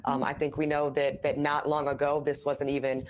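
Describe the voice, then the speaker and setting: A woman speaking in a thoughtful, measured way as an interview guest. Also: low voice, flat delivery, a little hiss or hum. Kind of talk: measured reflective speech.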